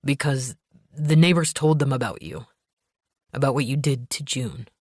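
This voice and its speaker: A tense young husband, blunt and worried, his lines pushed down low, as a woman narrator voices him. Close and dry, with no room around it. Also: normal speed, darkish tone, slightly rough, no echo.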